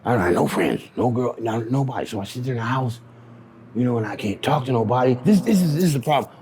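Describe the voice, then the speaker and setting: A man being interviewed, telling a personal story in a halting, repetitive, profane way, with stammering restarts. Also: medium pitch, expressive, crowd noise.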